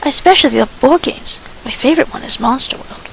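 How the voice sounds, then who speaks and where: A shy, polite teenage boy who speaks softly and hesitantly, tripping over the start of his words, as a woman voices him. The voice sits a little high and carries a heavy gravelly fry. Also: animated, fairly quick, slight background noise, rough recording. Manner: hesitant, soft-spoken, stammering.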